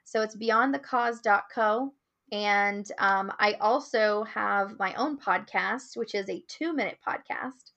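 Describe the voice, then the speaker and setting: A woman's voice: medium pitch, slow, gravelly. A woman guest who owns a marketing business, telling a client story in a casual interview and acting out the quoted lines. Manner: animated storyteller, acts out quotes.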